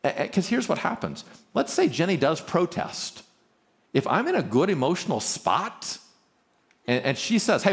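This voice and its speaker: A man speaking at a marriage conference, earnest and conversational, talking to a live audience with frequent restarts. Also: on the high side.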